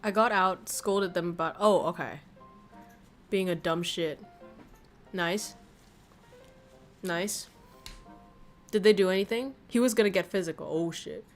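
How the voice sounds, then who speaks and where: A woman's voice: on the low side, a little slow, pauses often, soft background music. A woman streamer in casual chat who laughs often and swears casually.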